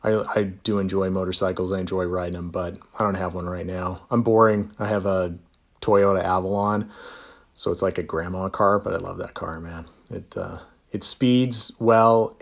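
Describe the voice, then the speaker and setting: Low-ish voiced guy, divorce lawyer doing a chill live q&a, reads comments out and jokes about himself. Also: fairly even intonation, normal speed. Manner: chatty, easygoing, self-deprecating. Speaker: divorce attorney. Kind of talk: casual live Q&A reading viewer comments. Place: Utah.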